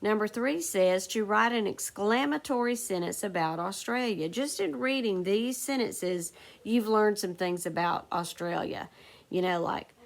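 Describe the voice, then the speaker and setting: A woman's voice: medium pitch, measured pace, gravelly. A woman teacher leading a recorded phonics lesson for second graders, patiently asking the class questions and answering them herself.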